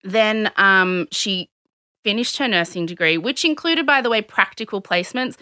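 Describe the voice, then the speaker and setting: Brief: Australian woman, chatty storyteller, bright forward tone, dry close sound. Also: medium pitch, moderate pace, clean tone, dry recording. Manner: animated, acts out quotes of others. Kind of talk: casual storytelling chat.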